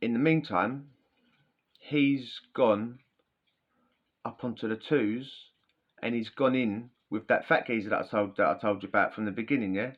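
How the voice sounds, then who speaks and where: A man's voice: mid-range voice, normal speed. A man telling prison stories in a chatty, slangy, rambling way. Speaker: podcast host. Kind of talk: casual storytelling. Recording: dull lo-fi sound.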